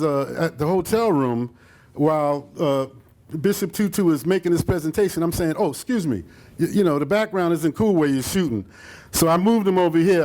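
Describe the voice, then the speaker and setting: A slightly high, darkish male voice belongs to an older photographer giving a laid-back slideshow talk to a live audience. He rambles through stories about his photos, full of fillers and side remarks, and acts out quotations in other people's voices.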